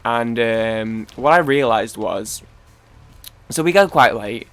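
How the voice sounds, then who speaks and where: A man's voice: medium pitch, animated, slow pace, a bit bright, clear, resonant tone, faint music behind. A young man with a Manchester accent, rambling casually while playing a game, interrupting himself and swearing. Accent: Manchester English. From Manchester, England. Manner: rambling, self-interrupting, swears, trails off mid-story. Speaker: gaming YouTuber.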